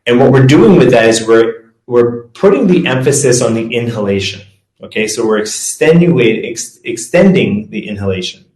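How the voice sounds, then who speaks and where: A man's voice: mid-range voice, lively intonation, moderate pace, a little mellow. A man giving a casual presentation as a performance coach, talking loosely with self-corrections and leading breathing exercises. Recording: echoey room.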